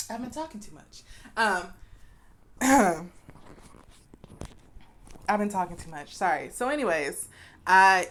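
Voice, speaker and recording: Speaking directly to her audience, whom she calls "y'all," a young woman shares frank, blunt opinions in a vlog, coughing now and then. Her voice is mid-range with a fairly bright tone.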